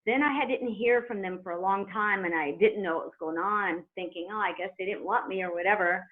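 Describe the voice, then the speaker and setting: A woman's voice: mid-range voice, fairly quick. Middle-aged woman chatting away on a phone line, telling stories, laughs a lot. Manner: chatty, animated storyteller who laughs as she talks. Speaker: guest, former wrestler. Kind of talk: telling a story in an interview.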